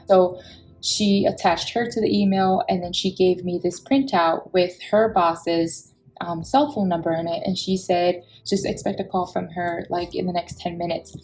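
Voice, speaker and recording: A woman, telling a personal story in an expressive, heated vlog style and acting out the people she quotes. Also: lowish voice, rough recording.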